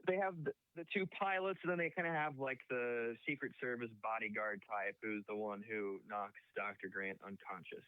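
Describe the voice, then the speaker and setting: A man's voice: medium pitch, steady tone, moderate pace, few pauses, clear, resonant tone, no echo. A man co-hosting a podcast, adding plot details in casual chat and checking facts as he goes. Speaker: podcast co-host. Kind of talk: casual movie recap chat. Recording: dry tinny phone-like sound.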